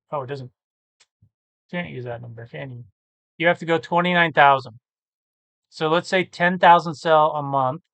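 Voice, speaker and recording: A tired man who talks casually and thinks out loud, rambling and correcting himself as he works through reseller listings. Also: fairly high pitch, dry recording. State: tired, yawning. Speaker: eBay reseller vlogger. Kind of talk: casual screen-share commentary.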